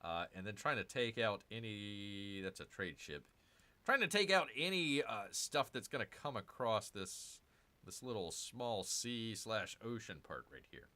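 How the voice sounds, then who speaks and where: Lively, bright-voiced man narrating a strategy game. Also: fairly low pitch, measured pace. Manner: rambling, self-correcting, jokey asides to viewers. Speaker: gaming channel host. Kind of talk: casual strategy game commentary.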